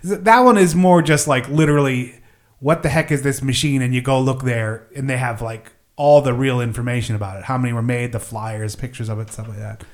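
A man's voice: medium pitch, fairly even intonation, fairly quick. A man hosting a casual podcast, rambling and self-mocking, laughing often. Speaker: podcast host. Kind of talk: casual chat.

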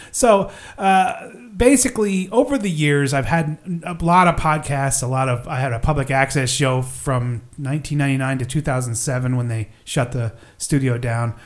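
A middle-aged man hosts a solo podcast in a loose, rambling way. He fills his talk with "uh" and "you know" and pokes fun at himself. His voice sits a little on the high side. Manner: rambling, filler-heavy, self-deprecating. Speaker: podcast host.

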